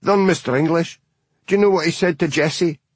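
A man playing a shrill gossipy spinster. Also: brisk, slightly rough, no room sound. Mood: indignant. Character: fussy, gossipy older spinster woman.

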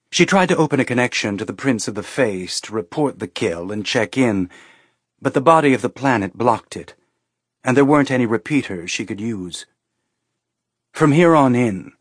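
A man reading an audiobook in measured, steady scripted narration. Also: mid-range voice, dry recording, studio quality.

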